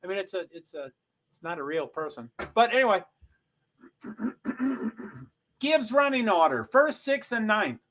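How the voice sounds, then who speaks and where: A man hosting a casual livestream, rambling through race positions with frequent throat clearing and self-interruptions. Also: high-pitched, sing-song, a little slow, long pauses, fairly bright tone. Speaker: livestream host. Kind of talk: casual live race commentary.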